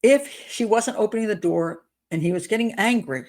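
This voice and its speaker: A woman's voice: medium pitch, normal speed, darkish tone. A woman giving commentary as a criminal profiler, sarcastic and incredulous as she talks.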